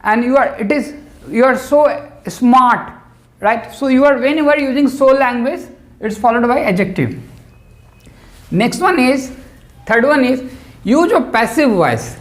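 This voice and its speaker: A man teaching English grammar who speaks slowly and deliberately, repeating example sentences and checking in with the learner. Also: very high voice, animated.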